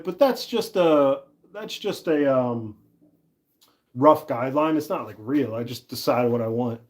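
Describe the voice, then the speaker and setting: A man's voice: medium pitch, a little mellow. A man in his thirties, casually chatting and laughing with viewers while he works on an axe handle during a livestream. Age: 30s. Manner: chatty, laughs easily, reads and answers chat. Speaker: woodworker livestream host.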